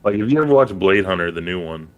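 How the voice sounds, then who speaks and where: Young male co-host, lowish voice, blunt, swears freely, opinionated. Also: animated, quick pace. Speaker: podcast co-host. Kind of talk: casual movie review chat.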